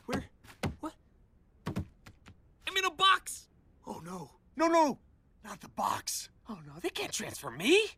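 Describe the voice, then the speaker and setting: Cast: a high, swooping, melodramatic zoo animal in an animated film, faint hiss. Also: male voice, creaky, exaggerated voice. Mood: panicked. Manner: melodramatic, panicky wailing. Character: anxious, dramatic male zoo animal, self-pitying.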